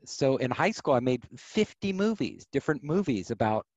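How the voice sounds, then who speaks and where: A middle-aged man, a podcast guest, telling stories of his career in an animated way and acting out the voices of people he quotes. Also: medium pitch, moderate pace, no room sound, highs cut off. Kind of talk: storytelling interview.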